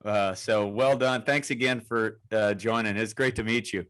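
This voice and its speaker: Enthusiastic low-voiced man co-hosting. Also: steady tone, normal speed, a bit bright, smooth. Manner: enthusiastic, rambling with fillers. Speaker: podcast co-host. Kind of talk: casual podcast chat.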